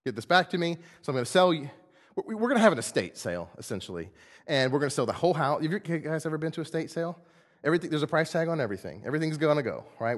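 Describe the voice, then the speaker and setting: A man preaching a sermon in a church, playful and animated, acting out the quotes in comic voices. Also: fairly high pitch. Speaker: pastor. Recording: long hall reverb.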